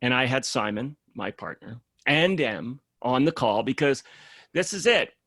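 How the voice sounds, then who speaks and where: A man, a program founder, speaking in a casual podcast conversation as an animated storyteller who acts out the voices he quotes. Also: mid-range voice, measured pace, no room sound, studio quality.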